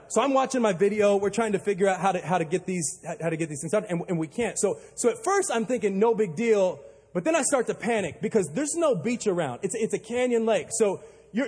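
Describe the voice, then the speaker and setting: A male pastor preaching a sermon, telling a story with animated delivery and acting out panicked quotes. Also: high voice, slightly rough. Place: church auditorium. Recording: long hall reverb.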